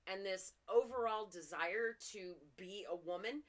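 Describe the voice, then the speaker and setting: A young woman co-hosting a casual podcast chat, trading dark humor about killers and swearing casually, with lots of fillers. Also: mid-range voice, measured pace. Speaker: podcast co-host.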